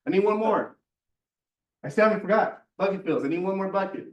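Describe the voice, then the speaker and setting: The host of this real estate office meeting is a man who speaks enthusiastically and chattily, repeating words to push people on. His high voice runs a little fast. He's recorded from a distance in an echoey large meeting room, and the sound is lo-fi.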